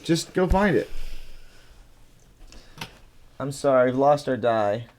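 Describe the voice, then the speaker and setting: With an expressive, medium-pitched voice and a darkish tone, a man speaks at normal speed as game master, walking a buddy through making a tabletop character. He keeps it breezy and teasing, restarting often, over slight background noise.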